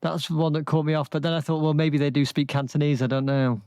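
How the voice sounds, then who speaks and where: A man's voice: a little high, flat delivery, fast talker, a little mellow, smooth, no room sound. A man co-hosting a casual film podcast, hesitant and unsure, stumbling over the starts of his sentences. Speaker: podcast co-host.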